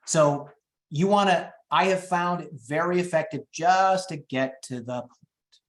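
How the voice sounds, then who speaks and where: A man coaching real estate agents on phone scripts, talking fast and upbeat and acting out the calls. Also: expressive, roomy sound. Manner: high-energy, quick, acts out phone calls. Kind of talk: teaching sales scripts in a webinar.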